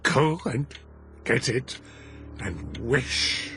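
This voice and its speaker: A man's voice: medium pitch, very slow, gravelly, music in the background, pitched above the performer's own voice. A man voicing a frantic, grieving old woman who cries out desperately. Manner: crying out desperately.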